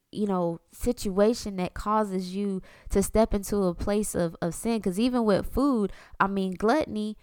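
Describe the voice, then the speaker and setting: A woman's voice: mid-range voice, clean tone, no echo. A woman in her thirties hosting a faith-based podcast in a candid, conversational way, acting out her inner voices. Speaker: podcast host.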